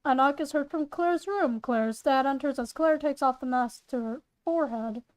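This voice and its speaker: A woman's voice: sits high, normal speed, a little mellow. A woman reading her story aloud in her room, rambling and playful, correcting herself as she goes. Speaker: fan fiction reader and voice actor. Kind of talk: casual reading with asides. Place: bedroom.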